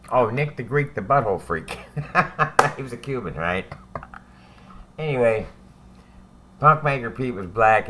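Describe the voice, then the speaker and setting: Man, ex-prisoner, casual storytelling, profane, rambling, animated pitch, faint background noise. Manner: profane, rambling, with frequent "right?" asides. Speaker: former prisoner telling his story.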